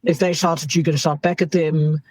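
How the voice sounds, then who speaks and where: Talking fast in a low, slightly mellow voice with fairly even intonation, a fifty-something emergency doctor from South Africa gives a frank interview and dramatizes quoted speech. The recording is rough, with no echo.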